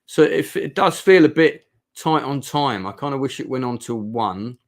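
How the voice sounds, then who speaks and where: A man's voice: mid-range voice, animated, normal speed. A man, casually telling a heartfelt, rambling story as he reviews a night out. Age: 50s. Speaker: vlogger reviewing a club night.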